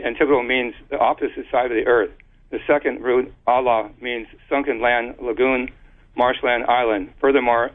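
A man appearing as an interview guest explains his theory haltingly, restarting often and spelling out letters. His middle-pitched voice arrives over a narrow, tinny phone line.

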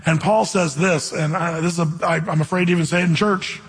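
A man preaching a sermon in church, animated, acting out the voices he quotes. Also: a little high, fast talker, breathy edge, long reverb tail. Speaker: pastor.

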